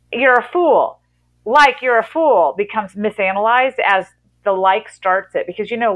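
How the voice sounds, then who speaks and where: Female academic guest, conversational explainer, medium pitch, easy laugh. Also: fairly bright tone, rough recording. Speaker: linguistics professor, guest.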